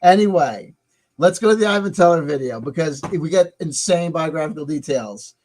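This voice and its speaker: Casual male streamer with a slightly higher-pitched voice, rambling and self-interrupting, swears freely. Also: expressive, fairly quick, a little mellow, rough recording. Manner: rambling, musing aloud, swearing. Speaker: live-stream host. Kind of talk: casual live-stream commentary.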